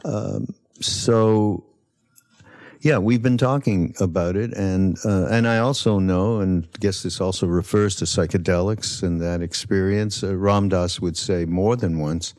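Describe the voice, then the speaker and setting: A man's voice: low voice, measured pace, darkish tone. A man hosting a podcast in casual chat, hesitant and full of fillers. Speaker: podcast host.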